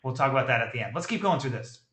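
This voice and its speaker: Brash, bright-voiced sales coach, echoey room. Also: male voice, medium pitch, racing. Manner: blunt, animated, laughs often. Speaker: sales trainer critiquing a call. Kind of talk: casual coaching commentary.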